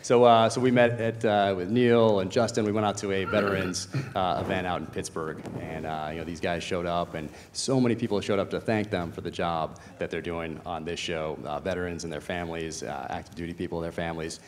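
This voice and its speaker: A man's voice: deep voice, fairly even intonation, fairly quick, hardly any pauses. A man moderating a panel with casual interview questions, enthusiastic and friendly, with many fillers. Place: screening venue stage. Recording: echoey venue hall with faint noise.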